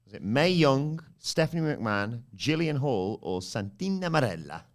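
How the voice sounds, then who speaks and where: A man's voice: mid-range voice, very animated. Man reading quiz questions. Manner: brisk, reads questions out clearly. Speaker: quizmaster.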